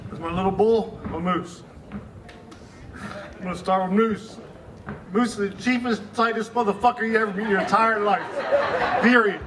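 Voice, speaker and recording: A man with a high voice, a few drinks in, tells stories about a lost friend in blunt, profane bursts and chuckles his way through them. Steady background noise runs under the live room recording. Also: normal speed, pauses often. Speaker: friend giving a eulogy. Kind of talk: rambling profane storytelling. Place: memorial gathering.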